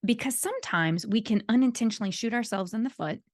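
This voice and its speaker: A woman's voice: a little high, animated, fast talker, no room sound, studio quality. A woman hosting a solo podcast who coaches leaders, speaking earnestly and repeating her key points for emphasis.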